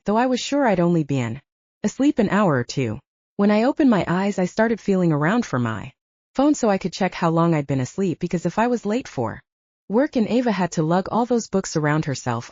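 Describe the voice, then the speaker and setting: A woman narrating a first-person audiobook in a steady, even reading. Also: on the low side, brisk, dry recording, highs cut off.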